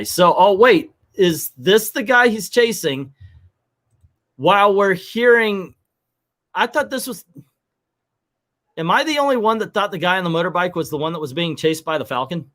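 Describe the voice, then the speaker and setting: A man with a slightly high voice gives live comic book commentary. He rambles and gets animated, and his asides turn into rants. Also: normal speed, pauses often.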